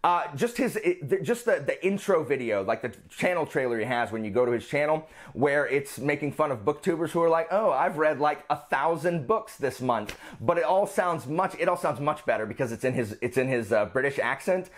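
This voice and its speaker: Lively, animated male book vlogger. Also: fairly high pitch, a little fast, few pauses. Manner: lively, rambling, playful asides. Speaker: book channel host. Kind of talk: casual chat.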